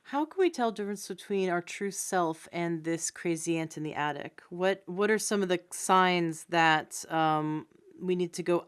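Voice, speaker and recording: A woman hosting a podcast, asking searching questions with halting restarts. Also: low voice, smooth. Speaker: podcast host. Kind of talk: interview questions.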